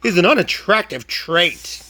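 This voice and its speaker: A man's voice: sits high, animated, unhurried, bright, forceful tone, pitched above the performer's own voice, heavily acted. A man voicing a blunt, straight-talking male octopus.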